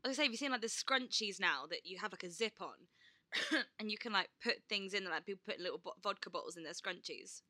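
A very bright, sharp-toned woman in her thirties, chatting as a podcast co-host. She tells family stories with lots of "like" and acts out what people said. The sound is close and dry. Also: medium pitch, animated, fast, dry recording. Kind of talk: casual chat.

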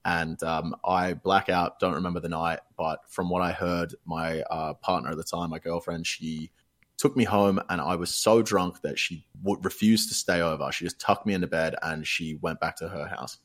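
A man's voice: sits low, steady tone, moderate pace, fairly bright tone. A young Australian man telling a long story in a casual chat, rambling and swearing freely.

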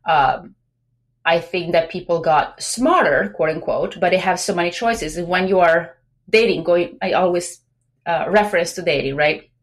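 A pregnant woman talking as a guest on a business podcast, chatty and lively, acting out quoted remarks between many fillers. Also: fairly low pitch, normal speed. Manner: animated, acts out quoted voices, many fillers. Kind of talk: casual interview talk.

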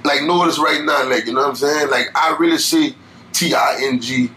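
A man's voice: a little high, normal speed, pushed and bright, a little hiss or hum, poor audio. A young man from Louisiana with a Louisiana accent, a guest chatting casually in a laid-back, rambling way full of fillers. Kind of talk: casual interview chat.

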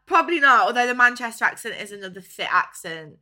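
A young woman co-hosting a casual chat podcast, playful and chatty and quick to laugh. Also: fairly high pitch, very animated, pushed and bright. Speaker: podcast co-host.

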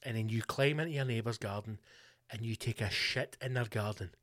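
A man's voice: fairly low pitch, brisk, fairly bright tone. A Scottish man hosting a podcast, delivering a foul-mouthed comic rant with mock-political bluster. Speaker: podcast host. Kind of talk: comedic monologue. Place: home room.

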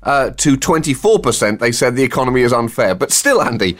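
A man's voice: mid-range voice, sing-song, a little fast, fairly bright tone. A man co-hosting a satirical comedy podcast, delivering sardonic riffs and chuckling at his own jokes.

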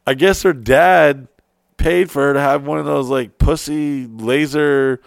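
A man's voice: on the high side, a little slow, gravelly, dry recording. A man telling a long, crude story in a casual, rambling way, swearing freely and restarting his sentences often. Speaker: podcast co-host telling a story.

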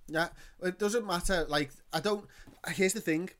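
A man in his thirties co-hosting a casual chat, telling stories with lively swearing. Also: sits high, unhurried. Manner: animated, sweary storyteller. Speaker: podcast co-host.

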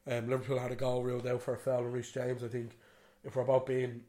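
A man's voice: mid-range voice, completely flat delivery, quick pace, warm tone. Chatty Irishman telling a story. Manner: rambling, swears freely, "you know what I mean". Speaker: podcast co-host. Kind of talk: casual chat.

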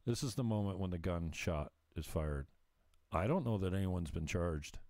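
A man's voice: low-pitched, expressive, moderate pace, gravelly, a little mellow, no room sound, studio quality. A man hosting a casual livestream where he reacts to clips. He is sarcastic and profane and laughs often. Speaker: livestream commentator.

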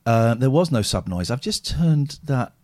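At a measured pace and medium pitch, a middle-aged man chats casually while hosting his livestream. He's animated and acts out voices as he tells his anecdotes.

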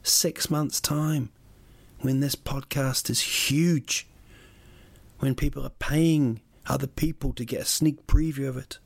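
A man hosts a podcast alone, wandering from one joke to the next with playful asides. His middling voice carries a gravelly edge. The sound is close and dry, with no room around it. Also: mid-range voice, steady tone, measured pace, no room sound. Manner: rambling, jokey, playful asides. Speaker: podcast host. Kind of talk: rambling solo podcast monologue. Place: lives in Sweden.

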